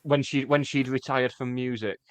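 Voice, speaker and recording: A man co-hosting a podcast, dropping dry, deadpan quips in casual comedic chat. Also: mid-range voice, normal speed, dry recording. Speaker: podcast co-host.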